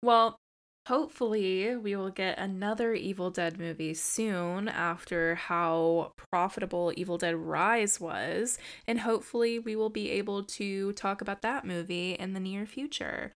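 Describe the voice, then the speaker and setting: A woman's voice: mid-range voice, fairly even intonation, a little slow. A woman co-hosting a horror podcast, chatting casually and enthusiastically, swearing now and then. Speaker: podcast co-host. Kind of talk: casual chat.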